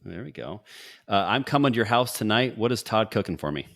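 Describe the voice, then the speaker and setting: A middle-aged man hosting a podcast in a casual, upbeat and jokey way, firing off quick quiz questions. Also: lowish voice, animated, creaky, fairly bright tone. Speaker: podcast host. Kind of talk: casual interview talk.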